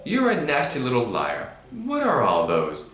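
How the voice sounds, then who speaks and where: Man voicing a suspicious aunt, sharp, hushed, accusing, roomy echo. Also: mid-range voice, wildly swooping pitch, measured pace, voice pushed up, heavily acted.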